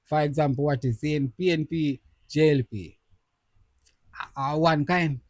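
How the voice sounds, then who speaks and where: Animated Jamaican man, higher voice. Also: a little slow, no echo. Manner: animated, repeats phrases for emphasis. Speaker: podcast co-host. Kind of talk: casual chat.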